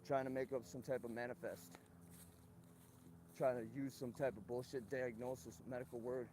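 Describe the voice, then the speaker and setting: A man's voice: mid-range voice, little pitch movement, moderate pace, dark tone, slight background noise. A man hosting a livestream outdoors at a golf course, rambling and ranting with plenty of profanity. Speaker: livestream host. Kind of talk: rambling live-stream monologue.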